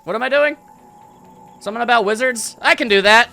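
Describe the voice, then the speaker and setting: A man's voice: high voice, animated, normal speed, gravelly, pushed and bright, soft background music. A man giving casual, jokey, rambling commentary while playing a video game. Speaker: let's play host.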